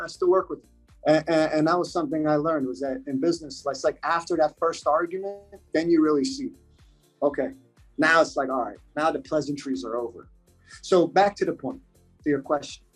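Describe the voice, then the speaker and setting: A man's voice: fairly high pitch, breathy edge, poor audio. A man from the United States, a podcast guest talking in a casual interview, earnest and repeating his points for emphasis.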